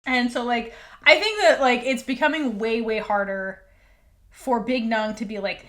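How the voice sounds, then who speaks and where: High-voiced animated woman podcast host. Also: normal speed. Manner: animated, swearing, acts out quotes, laughs often. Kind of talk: casual recap chat.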